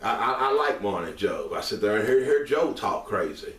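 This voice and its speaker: A man delivering an impassioned monologue straight to camera, emphatic and repetitive, rising to raised outbursts and settling into earnest quieter stretches. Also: on the low side, sing-song, moderate pace, distant mic. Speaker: online commentator. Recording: echoey room, mic set back.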